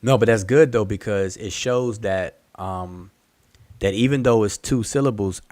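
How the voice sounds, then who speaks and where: A man's voice: on the low side, measured pace, a little mellow, dry recording, studio quality. A man hosting an online study group hangout, explaining patiently and thinking aloud over a video call. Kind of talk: casual online hangout discussion.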